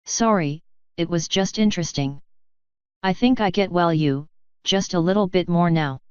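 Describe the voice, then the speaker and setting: A woman's voice: on the low side, normal speed, a little mellow, clean tone, no room sound, lightly acted. A woman voicing a friendly, curious young female pony mechanic who asks eager questions; dull lo-fi recording. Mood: apologetic.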